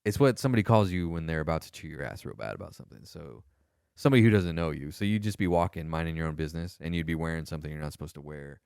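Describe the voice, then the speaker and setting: A man co-hosting a casual podcast, telling stories with lots of swearing and animated quoted voices. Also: extremely low pitch, very fast, vocal fry, clean tone, no room sound, clean studio sound. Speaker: podcast co-host, former Marine. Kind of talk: casual storytelling chat.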